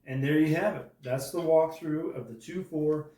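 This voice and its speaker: The speaker is a male drum teacher with a fairly high, dark-toned voice at an ordinary speed. He breaks a drum part into steps and counts the rhythms aloud with patience, captured distantly in an echoey space.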